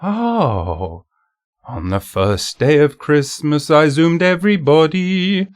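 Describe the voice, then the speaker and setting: A man's voice: a little high, very animated, takes it slowly, dry recording, clean studio sound. A man hosting his own podcast, chatting casually and rambling with self-mocking jokes and silly voices. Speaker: podcast host. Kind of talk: casual solo monologue.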